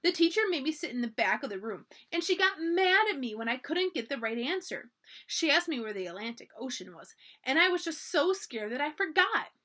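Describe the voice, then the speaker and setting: A woman reading aloud as a shy, frightened poor girl of nine who speaks slowly through tears. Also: high-pitched, very animated, sharp tone, voice pushed up, full character voice. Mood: upset. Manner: tearful, slow, halting.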